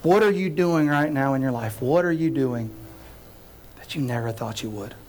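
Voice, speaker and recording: A man preaching a sermon as pastor, telling a story in an animated way, acting out scenes and speaking straight to his listeners. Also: medium pitch, moderate pace, a little hiss or hum.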